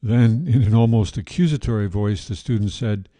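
A man narrates an old tale for his podcast in a calm, measured way. His voice sits low and is very dark and mellow, recorded dry and close with no room sound. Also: no echo. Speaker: podcast host and storyteller. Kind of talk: scripted story narration.

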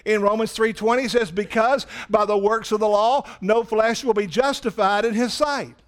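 A man preaching a sermon in a church, animated, swinging from loud emphasis to quiet asides. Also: normal speed. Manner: animated preaching, rises loud for emphasis then drops low. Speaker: pastor. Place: church sanctuary.

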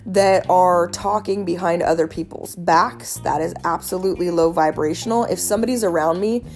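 A woman's voice: fairly low pitch, normal speed, faint music behind. Chatty woman giving wellness advice. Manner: earnest, animated, chatty with many fillers. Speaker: wellness speaker. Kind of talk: casual advice talk.

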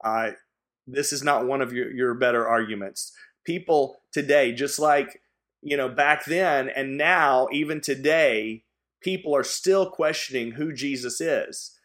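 Slow, earnest preaching man. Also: mid-range voice, a bit bright. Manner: earnest, emphatic preaching with repetition. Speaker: pastor. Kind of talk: sermon.

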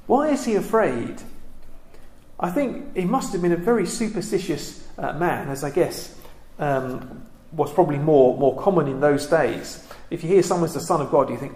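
A man giving a reflective Bible study talk, pausing often with ums and restarting his sentences. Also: fairly high pitch, a little mellow, echoey room. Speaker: Bible teacher.

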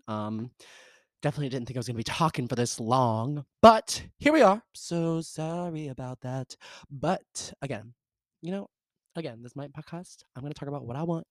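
A man's voice: fairly high pitch, no room sound. Chatty young Southern man with big swings. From American South. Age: 20s. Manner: rambling, upbeat, frequent fillers and laughs. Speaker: podcast host. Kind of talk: casual solo podcast chat.

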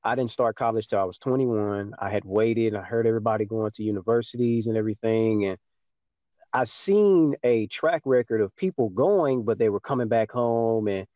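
A man's voice: fairly low pitch, moderate pace, no room sound, muffled recording. A young man from Texas in casual chat, telling a story and acting out what people said to him. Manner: storytelling, acts out dialogue with mom.

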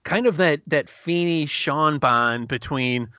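A man co-hosting a casual podcast, excitedly retelling TV scenes with quick laughs and restarts. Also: fairly high pitch, clean tone, no room sound, muffled recording. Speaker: podcast co-host reviewing TV episodes. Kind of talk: casual chat.

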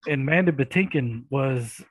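A man's voice: medium pitch, measured pace, husky, no echo. Man, casual podcast chat, easygoing, dry close sound. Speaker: podcast co-host. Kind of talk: casual chat about movies.

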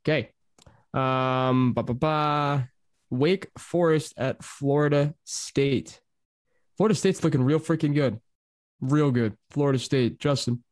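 A man's voice: mid-range voice, steady tone, no echo, studio quality. A man hosting a casual sports podcast, calling on each panelist in turn for game picks. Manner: brisk, calls on each panelist by name. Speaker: host. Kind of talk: casual podcast chat, running weekly picks.

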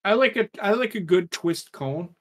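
Brief: male podcast co-host, somewhat high, lively pitch, easygoing, hesitant. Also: moderate pace. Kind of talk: casual chat.

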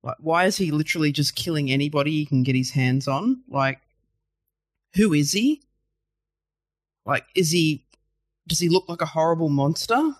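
A man co-hosting a casual film chat, animated and repeating words as he thinks. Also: fairly high pitch, normal speed, pauses often, no room sound. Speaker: podcast co-host.

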